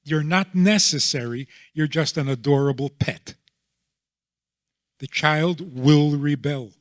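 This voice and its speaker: Rabbi guy explaining stuff real slow, kinda high voice, dry close sound. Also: no room sound. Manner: deliberate, asks rhetorical "right?" often. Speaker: rabbi being interviewed. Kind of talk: explanatory interview talk.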